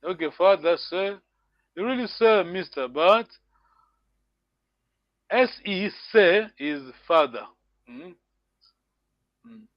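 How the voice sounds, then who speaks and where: A man teaching a language lesson over a video call, patiently repeating words slowly and chuckling often. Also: sits high, lively intonation, no echo, highs cut off. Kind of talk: live online language lesson.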